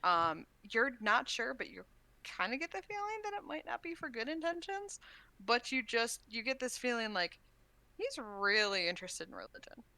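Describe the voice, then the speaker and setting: A woman's voice: on the high side, big pitch swings, normal speed, sharp tone, dry recording. A woman narrating as dungeon master, talking hesitantly with many stops and restarts. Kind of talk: narrating a tabletop game.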